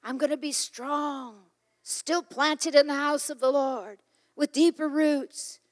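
A woman's voice: high-pitched, steady tone, slow, in a large hall. A middle-aged woman preaching a sermon in a conversational, emphatic way, often acting out little exchanges of dialogue.

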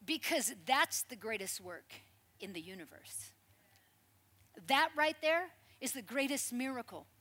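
A woman preaching a sermon in a lively, conversational storytelling way, with frequent asides to the congregation. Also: fairly high pitch.

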